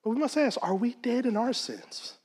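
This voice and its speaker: A man's voice: very high voice, expressive, normal speed, darkish tone, slightly rough. A man teaching a Bible study in a conversational preaching manner. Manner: conversational, acts out quoted voices.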